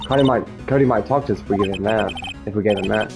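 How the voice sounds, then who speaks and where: A man voicing a calm, kind young woman lawyer who gently guides others, over game music. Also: lowish voice, fast, gravelly. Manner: gentle, guiding.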